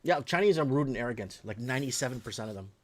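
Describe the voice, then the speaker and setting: A man of ordinary pitch holds forth alone on his own show. He rants in a heated, blunt way, swears freely and repeats himself to hammer his points home. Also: lively intonation, rapid-fire, slight background noise. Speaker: host of a talk show. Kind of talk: ranting solo commentary.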